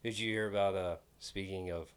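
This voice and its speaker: A man's voice: low voice, fairly even intonation, fairly quick, smooth. A man hosting a casual chat, wisecracking and mocking as he tells the news.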